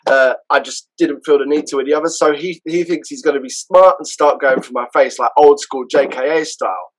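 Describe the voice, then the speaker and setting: A man with a London accent, a podcast guest and karate instructor, telling stories casually in an animated way, with frequent restarts. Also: a little high, a little fast, low-quality recording. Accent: London English. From London, England. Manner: animated, acts out others' voices, frequent restarts. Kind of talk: casual storytelling.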